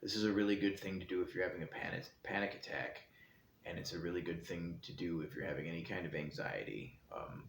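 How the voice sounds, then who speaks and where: A deep-voiced man talks through his ideas in a thoughtful, meandering way, as if thinking aloud. He sits in an echoey indoor room, and a faint hiss runs underneath. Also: gravelly, a bit bright. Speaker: host. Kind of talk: casual reflective talk. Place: indoor room, seated in a chair.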